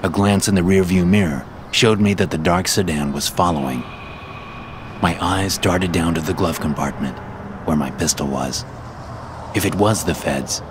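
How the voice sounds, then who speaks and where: A man narrating a first-person thriller story in a measured, brooding way. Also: low voice, background noise. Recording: clear music bed behind.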